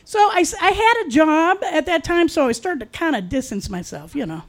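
A woman tells a personal story with a high voice and a loose, conversational delivery. She drops wry, deadpan asides along the way. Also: a little fast.

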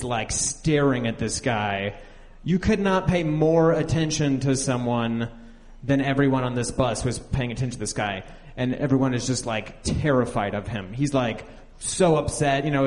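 A man's voice: mid-range voice, darkish tone, in a large hall. A young man telling a candid, rambling personal story, acting out the lines of the people in it. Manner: candid, rambling, full of "like" and acted-out quotes.

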